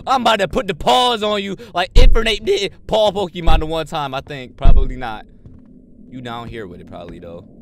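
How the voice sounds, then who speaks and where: A man's voice: on the high side, background noise. A young man giving horror game commentary, brashly trash-talking in slang. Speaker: gamer. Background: game music.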